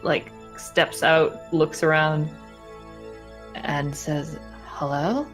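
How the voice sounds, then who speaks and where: A woman describes her character's actions in a tabletop game, speaking slowly and hesitantly with many fillers. Her voice is fairly low for a woman, and faint music plays behind it. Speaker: player.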